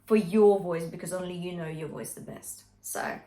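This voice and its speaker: A woman's voice: fairly low pitch, fairly even intonation, moderate pace, warm tone. A woman vocal coach teaching a singing lesson, talking through technique and singing short demonstrations, checking in with "yeah?" and "okay?" as she goes. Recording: echoey room.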